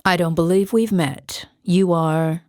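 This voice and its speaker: A woman's voice: lowish voice, slow, darkish tone, dry recording, clean studio sound. A woman voicing a stern, formal male priest in an audiobook. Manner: formal, curt.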